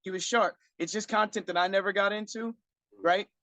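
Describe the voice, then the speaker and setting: A man's voice: high-pitched, steady tone, a little fast, pushed and bright, dry recording. A man co-hosting a podcast in casual chat, blunt and profane, often restarting his sentences. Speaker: podcast co-host.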